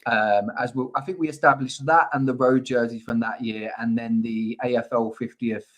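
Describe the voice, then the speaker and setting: A man's voice: medium pitch, fairly even intonation, moderate pace, fairly bright tone, poor audio. A young man co-hosting a sports podcast, chatting affably with jokes and tangents. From Ireland or UK. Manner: affable, rambling, joking. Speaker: podcast co-host. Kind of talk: casual chat.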